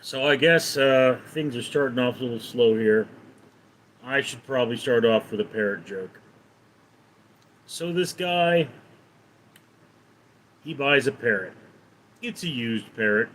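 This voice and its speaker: A man's voice: mid-range voice, measured pace, pauses often, a bit bright, poor audio. A man chatting casually on a live stream, telling a rambling joke and reading out and answering viewer comments. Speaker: livestreamer. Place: home in Los Angeles.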